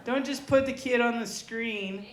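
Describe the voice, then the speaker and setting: A woman's voice: on the high side, a little slow. A woman performing a rambling, chatty open mic stand-up set, talking with the crowd between jokes. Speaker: stand-up comedian. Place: comedy club stage. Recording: echoey club room, faint noise.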